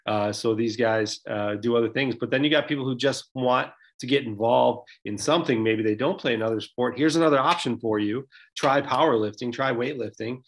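Male podcast co-host, mid-pitched, chatty and loose, lots of filler words. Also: brisk, hardly any pauses. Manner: conversational, many fillers and restarts. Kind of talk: casual sports podcast chat.

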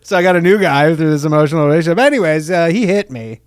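A man's voice: on the high side, animated, fast, no echo, clean studio sound. A man co-hosting a comedy podcast, reading out headlines and mocking them in casual banter. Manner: reads out article headlines with mocking asides.

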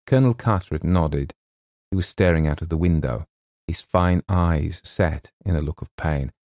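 A man reading a comic short story aloud as an audiobook narrator, in a measured storytelling manner. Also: low-pitched, a little mellow, no echo, studio quality. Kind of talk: scripted narration.

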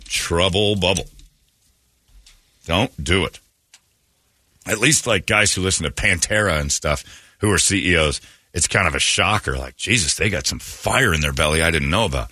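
A man's voice: low voice, lively intonation, moderate pace, sharp tone, husky, no room sound. A man hosting morning radio in a studio, ranting in a sarcastic, mocking way. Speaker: radio host.

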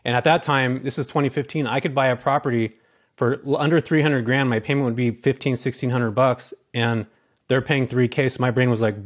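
A man's voice: medium pitch, fairly even intonation, fast talker. A man as a podcast guest, telling his story casually and animatedly, acting out bits of dialogue between lots of filler words.

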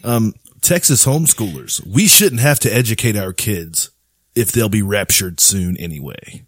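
A man's voice: on the low side, lively intonation, normal speed, dry recording. A man co-hosting a podcast in casual chat, laid-back and full of crude jokes. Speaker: podcast co-host.

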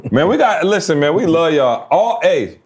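A man co-hosting a podcast, wrapping up the episode with relaxed, joking banter and shout-outs. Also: fairly high pitch, normal speed, husky. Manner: laid-back, joking sign-off banter. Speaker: podcast co-host. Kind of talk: casual podcast chat.

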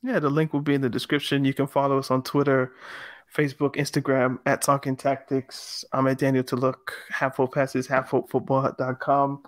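A man hosting a casual football podcast, talking in a lively, jokey way. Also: mid-range voice, moderate pace, dry recording. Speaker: podcast host.

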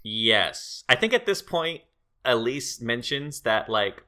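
Male podcast co-host with a bright, forceful voice; loose, rambling film chat. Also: medium pitch, slow pace. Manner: animated, swearing, rambling storyteller. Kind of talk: casual chat reviewing a film.

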